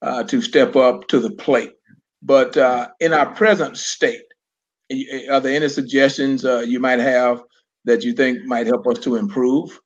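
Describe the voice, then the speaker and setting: A man hosts an interview, posing his questions politely and haltingly and restarting his words often. His voice sits at a middle pitch. The sound is muffled and lo-fi, like a live stream. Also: fairly even intonation. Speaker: talk show host. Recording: dull lo-fi live-stream audio.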